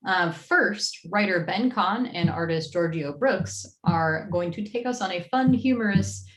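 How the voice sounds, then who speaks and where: A woman in a livestream chat, talking about new releases in a loose, chatty way with plenty of ums and uhs. Her voice sits a little low for a woman. The room around her rings with echo. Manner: chatty, many fillers. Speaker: comics publisher staff host. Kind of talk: casual livestream rundown.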